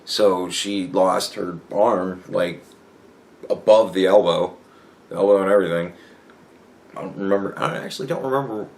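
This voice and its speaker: On his own podcast, a man rambles and swears in casual solo commentary, often stammering and restarting and acting out imagined dialogue. His low, gravelly voice has a darkish tone, moving at normal speed with long pauses.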